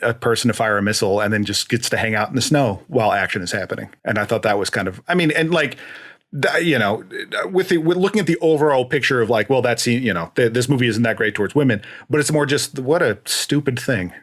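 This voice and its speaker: A man's voice: medium pitch, quick pace, a bit bright. A man co-hosting a podcast in casual chat, rambling with restarts and trailing asides. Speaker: podcast co-host.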